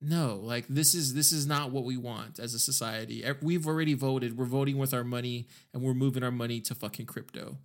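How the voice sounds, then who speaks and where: A man's voice: medium pitch, fairly even intonation, a little fast, hardly any pauses. A podcast host, a man, delivering a heated, sarcastic, profane rant as commentary.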